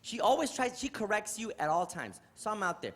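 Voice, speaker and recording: On a theater stage, a middle-aged New York City man performs stand-up, telling exasperated stories and acting them out with animation. His voice is high and fairly quick.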